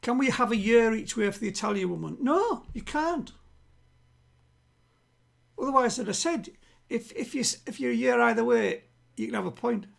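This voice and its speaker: A man hosting a live-streamed home quiz, chatting with players and reading each question twice, slowly. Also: extremely high pitch, lively intonation, creaky. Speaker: quiz host. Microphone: home streaming setup.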